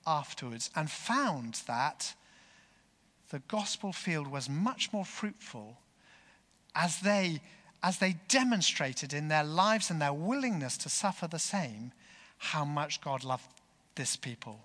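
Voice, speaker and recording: A man preaching a sermon, telling a story in an earnest, unhurried way. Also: on the high side, expressive, sharp tone, big-room sound.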